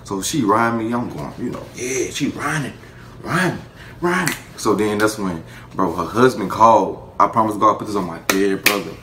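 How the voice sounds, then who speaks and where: A young man telling a casual story to the camera, animated and profane, breaking into laughter. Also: on the low side, moderate pace, noisy background. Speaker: vlogger. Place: indoor room, seated before camera.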